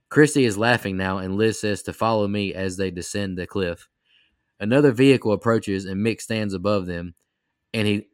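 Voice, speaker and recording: A man with a fairly low voice reads through a movie's plot in brisk, even steps. It is a podcast-style recap. The sound is dry with no room to it. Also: clean tone, no echo.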